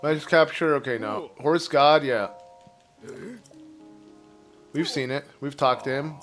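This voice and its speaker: A man streaming a game live, chatting casually and rambling to his viewers while his phlegmy throat keeps needing clearing. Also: a little high, unhurried, fairly bright tone, faint music behind. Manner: rambling, chatty, talks to chat. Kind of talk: casual live gameplay commentary.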